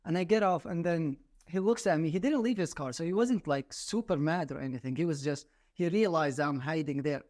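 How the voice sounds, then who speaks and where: A young man from Saudi Arabia chats as a podcast guest and tells a long personal story. His voice sits a little high, and he laughs easily as he talks. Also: a little fast, few pauses. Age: 20s. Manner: animated storyteller, laughs often. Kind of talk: casual storytelling chat.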